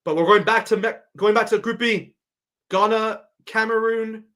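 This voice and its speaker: A man giving a live reaction to a sports draw, excitable and thinking aloud as he keeps addressing his viewers. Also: high-pitched, moderate pace. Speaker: sports vlogger.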